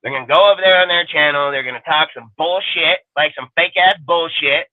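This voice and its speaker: A man rants defiantly on his own fan livestream, swearing constantly and daring critics to leave. His voice sits on the high side for a man. The sound is dry and squeezed thin, like a phone call. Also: fairly quick, no room sound. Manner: angry, profane and defiant. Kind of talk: profane ranting livestream talk.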